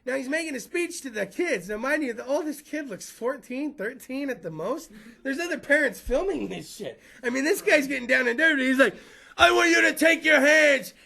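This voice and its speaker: A man's voice: extremely high pitch, lively intonation, brisk, creaky, sharp tone. A man hosting a podcast, telling rambling comic stories full of profanity and frequent laughter. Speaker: podcast host. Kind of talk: comedic storytelling monologue.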